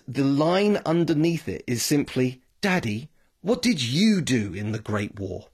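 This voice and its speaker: A man giving a casual history talk, rambling with many fillers and restarts. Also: mid-range voice. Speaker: host.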